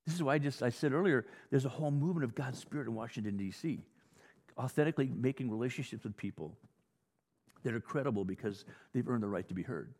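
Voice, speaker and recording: A male pastor preaching a sermon in a conversational, animated teaching style with frequent restarts. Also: medium pitch, fast talker. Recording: long hall reverb.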